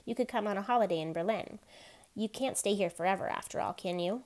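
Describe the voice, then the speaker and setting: A woman's voice: mid-range voice, fast talker, darkish tone, lightly acted. A woman reading a novel aloud, voicing a curious, friendly young boy in a slightly raised voice. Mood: eager.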